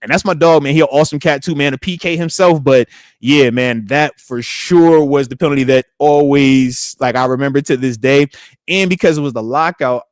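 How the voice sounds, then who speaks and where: A man's voice: medium pitch, no room sound, clean studio sound. A man in his late thirties hosting a live podcast, talking animatedly and answering viewers, often tagging lines with questions. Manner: animated, repeats tag questions, talks to the chat. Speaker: podcast host, retired football player.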